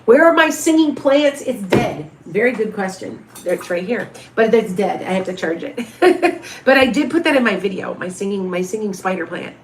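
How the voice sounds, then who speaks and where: A woman in her fifties, a medium, hosts a livestream and chats casually through viewer questions with many restarts and asides. Her mid-range voice is animated and at a normal speed, with a little hiss or hum in the audio.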